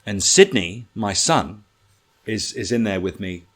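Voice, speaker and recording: A man with a fairly low voice tells rambling comic anecdotes in a relaxed conversational way. His delivery is animated and salty, full of swearing and punchlines. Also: measured pace, husky. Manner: animated, profane, comic storytelling. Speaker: guest storyteller. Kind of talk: casual anecdote telling.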